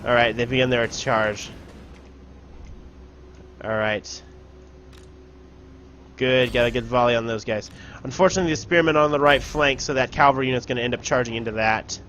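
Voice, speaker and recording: A man giving casual let's play commentary on a strategy game, shouting orders and taunting enemies now and then. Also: mid-range voice, fairly even intonation, normal speed, long pauses, lo-fi sound, a little hiss or hum. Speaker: gameplay commentator.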